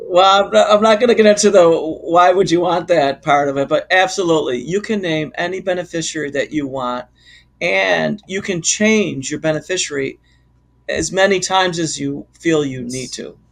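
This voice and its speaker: A man co-hosting a podcast, explaining insurance questions in a measured, hesitant way with many fillers. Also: fairly high pitch, creaky, fairly bright tone. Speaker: insurance expert co-host. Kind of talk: explanatory casual chat.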